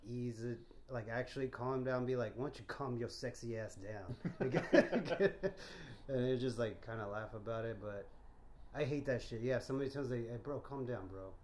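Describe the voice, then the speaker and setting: A young man tells stories in easygoing slang, peppering them with swearing and laughter. His pitch is ordinary for a man. He talks like a buddy hanging out at a house. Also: a little mellow. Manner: laughs often, slangy, calls people bro and dude. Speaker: podcast co-host. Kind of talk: casual profane chat.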